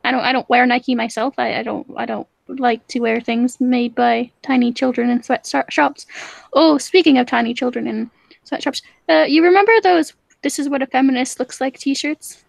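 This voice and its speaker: A woman co-hosting a podcast in casual chat, sarcastic and animated, laughing often. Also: high voice, normal speed, gravelly, no room sound. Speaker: podcast co-host.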